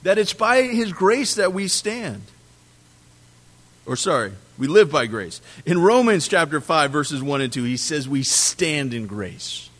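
A man preaching a sermon, animated, swinging between loud emphasis and quiet drops on key words. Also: on the high side, a little slow. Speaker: pastor.

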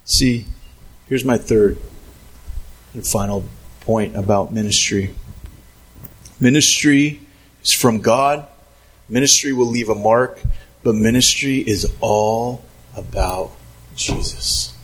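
A man preaching a sermon as a pastor, lively and conversational, acting out little scenes and sometimes shouting. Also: fairly low pitch, takes it slowly, long pauses, breathy edge, poor audio.

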